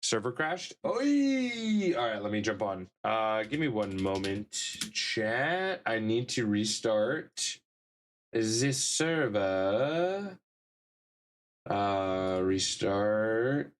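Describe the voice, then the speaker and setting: Male streamer, casual live chat, very unhurried delivery, playful and cooing. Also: fairly low pitch, lively intonation. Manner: playful, coos over pets in baby talk.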